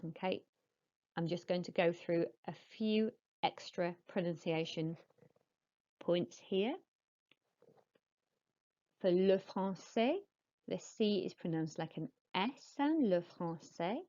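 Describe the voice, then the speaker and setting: A woman teaching French to young pupils, modelling each word slowly and clearly and explaining in patient, encouraging teacher talk. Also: fairly low pitch, mellow, highs cut off. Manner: slow, clear modelling of words for pupils to repeat. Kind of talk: recorded classroom lesson.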